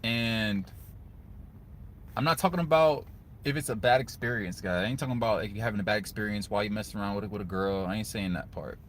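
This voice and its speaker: A young man, giving casual, earnest advice to other men, often turning to the listener with a quick "right?". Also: fairly low pitch, a little hiss or hum. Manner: earnest, conversational, repeats "guys" and "right?". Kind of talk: casual motivational talk to camera.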